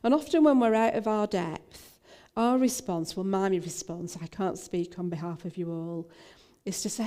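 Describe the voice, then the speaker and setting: A woman's voice: medium pitch, normal speed, hardly any pauses, dark tone. An older woman minister, telling a personal story in a talk, with frequent fillers and restarts.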